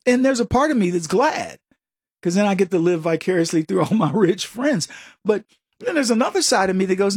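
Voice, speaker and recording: High, husky-voiced older man host. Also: fairly quick, no echo, clean studio sound. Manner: animated, laughs often, mocking. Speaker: talk show host. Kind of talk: casual commentary.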